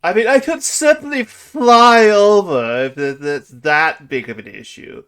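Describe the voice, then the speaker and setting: A man voicing a flamboyant, pompous male bronze dragon who speaks in a booming voice. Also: expressive, a little slow, a bit bright, clean tone. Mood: magnanimous. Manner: pompous and theatrical.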